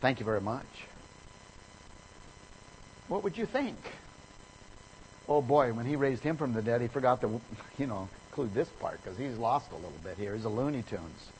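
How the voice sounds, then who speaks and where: A man delivers a sermon at a normal pace, animatedly telling a story and voicing its characters with sudden jumps in pitch and volume. The audio is poor, with a faint hiss or hum.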